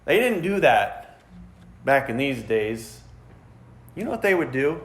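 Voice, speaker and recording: A man's voice: mid-range voice, measured pace. A man preaching a sermon in a casual, conversational way, acting out the complaining voices of the people he describes. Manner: animated, acts out complaining voices. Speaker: pastor.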